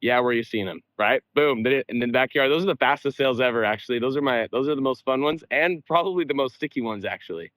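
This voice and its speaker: A man's voice: medium pitch, fast, hardly any pauses, a bit bright, no room sound. A man, a sales veteran guest on a call-in interview, talking casually and often tagging "like" and "right?". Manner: casual, peppers talk with "like" and "right?"; acts out doorstep exchanges.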